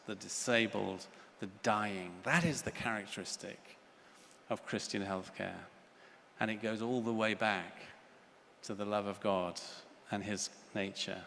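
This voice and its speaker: A fairly low, creaky yet fairly bright voice belongs to an older man giving a plenary lecture in a large conference hall. Earnest in manner, he tells stories with child voices; the recording is reverberant with faint ambience and slight background noise.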